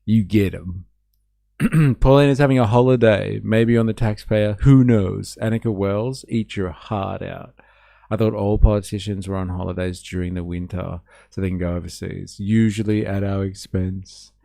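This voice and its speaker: A man's voice: low-pitched, vocal fry, warm tone, no room sound, clean studio sound. A man hosting a live stream, giving sarcastic, sweary reaction commentary. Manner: sarcastic, swearing, laughing often.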